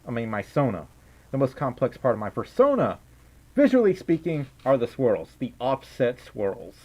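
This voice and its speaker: A man's voice: mid-range voice, huge pitch swings, moderate pace, dark tone. A tired man chatting casually on a livestream, reading out donations, rambling and giggling often.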